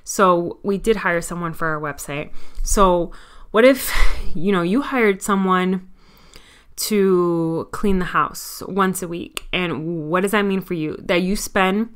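A woman's voice: fairly low pitch, takes it slowly, clear, resonant tone. A woman with a Miami accent hosting her own podcast, talking in a chatty, candid and self-mocking way. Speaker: podcast host. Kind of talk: casual solo podcast talk.

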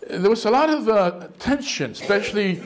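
Man, pastor, high-pitched voice, animated sermon, acts out quotes, middle-aged. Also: moderate pace.

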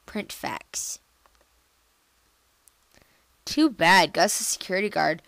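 A woman giving casual let's-play commentary on a computer game, chatty and excitable, jumping into squealy high bursts. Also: slow pace, long pauses, dry recording. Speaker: gameplay commentator.

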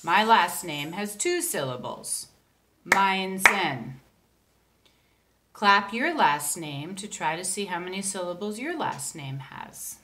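A woman's voice: fairly low pitch, very animated, a bit bright. A woman teacher giving a recorded lesson, talking patiently and counting out syllables step by step. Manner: slow, patient, spells out syllables.

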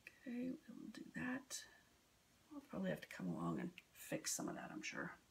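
A woman's voice: a bass voice, wildly swooping pitch, moderate pace, gravelly. A woman artist narrating her painting in a casual, gushing way, often dropping into a whisper, recorded on a camera on a stand. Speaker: acrylic pour artist.

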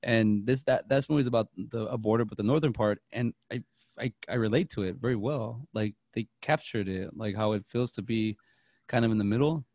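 A man talks through a movie on a podcast at a quick clip, his sentences tumbling over one another as he restarts and corrects himself. The sound is close and dry, with no room around it. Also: lowish voice, no echo. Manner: rambling and excitable, piling up restarts. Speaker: podcast co-host. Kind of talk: casual movie chat.

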